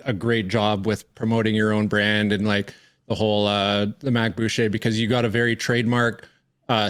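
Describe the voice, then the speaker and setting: A young man from Northern Ontario in Canada who hosts a casual podcast, upbeat and quick to laugh, repeating his catchphrases. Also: fairly low pitch, a bit bright. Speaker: podcast host.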